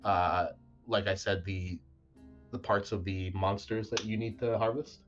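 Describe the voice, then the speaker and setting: A man's voice: fairly low pitch, steady tone, a little slow, muffled recording, music in the background. A man narrating a tabletop game as game master in a casual, filler-heavy way.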